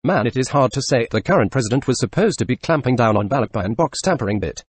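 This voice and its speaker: A male text-to-speech robot voice reading forum questions and answers in an even, synthetic way. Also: mid-range voice, fast talker, slightly rough, no echo. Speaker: video narrator. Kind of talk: reading forum posts aloud.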